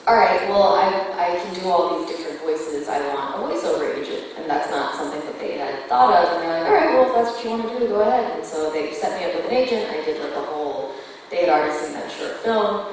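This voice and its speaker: Low-voiced woman far off in a hall. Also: fairly quick, slight background noise. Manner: chatty, giggly, full of fillers. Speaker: voice actor panelist. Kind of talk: convention panel storytelling. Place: convention hall.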